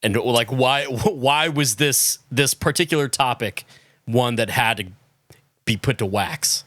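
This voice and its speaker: Host: man, low bright voice, dry close sound, deadpan interviewer. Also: measured pace, no echo. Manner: mock-formal, deadpan questions. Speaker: podcast host. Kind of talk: casual interview questions.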